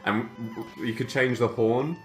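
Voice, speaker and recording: A man's voice: mid-range voice, moderate pace, fairly bright tone, roomy sound, soft background music. A man chatting casually during a game playthrough, telling a rambling story full of swearing. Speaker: let's play co-host. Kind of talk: casual gaming chat.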